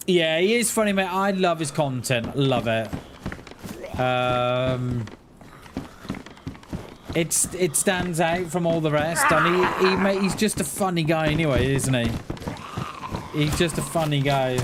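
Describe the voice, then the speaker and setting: A man streaming a game talks slowly with long pauses, his fairly high voice expressive. The casual chat meanders, with frequent chuckles and jokes about himself. Noise is audible behind him.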